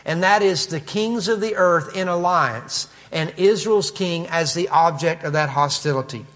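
A man's voice: fairly high pitch, normal speed, fairly bright tone, long reverb tail. A man with a Kentucky accent preaching a conversational expository sermon, with asides and frequent fillers. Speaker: pastor.

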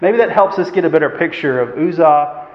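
A man preaching a sermon. He poses rhetorical questions and often clears his throat. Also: fairly high pitch, animated, fairly quick. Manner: earnest, asks the congregation rhetorical questions; frequent fillers and throat clearing. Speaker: pastor. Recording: echoey hall, dull sound.

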